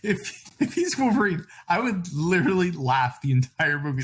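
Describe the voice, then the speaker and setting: A man co-hosting a casual podcast chat, giving blunt opinions and quick apologetic asides. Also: fairly high pitch, very animated. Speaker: podcast co-host.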